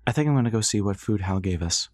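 A man's voice: on the low side, expressive, fast, a little mellow, no echo, studio quality. Callie, a man voicing a curious young woman. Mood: gentle. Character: cheerful curious young woman, airship passenger.

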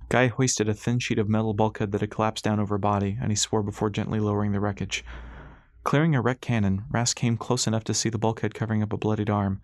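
A man narrating an audiobook chapter in a steady, even reading. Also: fairly low pitch, fast, no room sound, studio quality. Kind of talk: scripted narration.

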